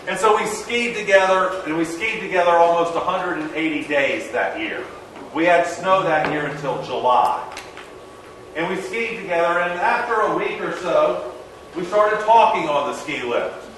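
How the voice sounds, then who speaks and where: A man's voice: on the high side, normal speed, slight background noise. Echoey distant man telling a story. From American South. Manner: animated storyteller acting out dialogue. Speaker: motivational speaker. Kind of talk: storytelling keynote talk. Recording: echoey hall, distant mic.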